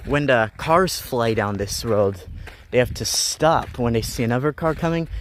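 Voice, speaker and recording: A man's voice: mid-range voice, lively intonation, moderate pace, slight background noise. Rambling young man vlogging outdoors. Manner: rambling, joking and griping. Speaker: live-streaming explorer. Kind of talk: casual live-stream vlog. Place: outdoors on a rural mountain road, walking.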